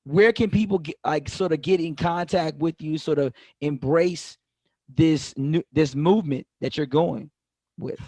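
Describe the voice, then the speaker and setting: A man's voice: on the high side, unhurried, dark tone, no echo. A man hosting an interview show, talking in long emphatic runs with many restarts. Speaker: show host. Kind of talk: conversational interview.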